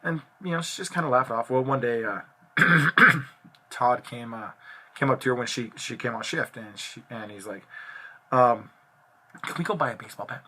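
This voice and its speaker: A man's voice: medium pitch, normal speed, bright, forceful tone. A male teacher telling a story to his students in a loose, chatty way, with lots of filler ums, recorded on a phone at home. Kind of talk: casual storytelling lecture to students.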